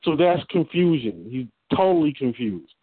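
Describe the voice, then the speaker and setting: A man's voice: a little high, very animated, moderate pace, slightly rough, dry recording. A middle-aged man co-hosting a talk show, speaking in an emphatic, lecturing way. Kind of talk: casual talk show discussion. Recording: tinny phone-like line, dry.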